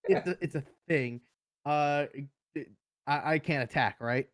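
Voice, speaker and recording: A man playing a tabletop game, describing his character's moves in halting bursts with many restarts. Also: fairly high pitch, no echo, clean studio sound. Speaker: player.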